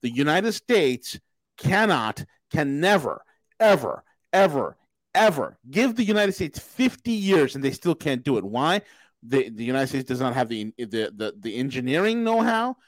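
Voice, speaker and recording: Animated ranting male podcast host. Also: medium pitch, moderate pace, no room sound. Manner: emphatic, repetitive, restarts mid-sentence. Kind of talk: casual political rant.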